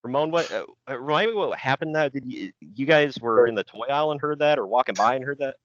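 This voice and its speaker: A man's voice: mid-range voice, lively intonation, quick pace, fairly bright tone, no room sound. A man hosting a podcast in casual chat, easygoing and rambling with lots of fillers and restarts. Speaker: podcast host. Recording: dull, lo-fi sound.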